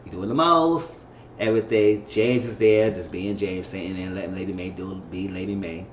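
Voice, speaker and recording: A man giving a casual, chatty recap of a TV episode, repeating himself as he goes and now and then acting out characters' lines in a high falsetto. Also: little pitch movement, fairly quick, dark tone. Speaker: TV episode reviewer. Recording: muffled, roomy recording with faint hiss.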